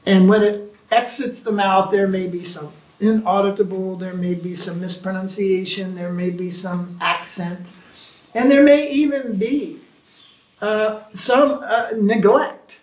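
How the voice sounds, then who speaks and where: High-voiced man teaching in an echoey room. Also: unhurried, far from the mic. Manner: animated storytelling, mimics chanting. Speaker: spiritual teacher answering questions. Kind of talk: informal Q&A talk.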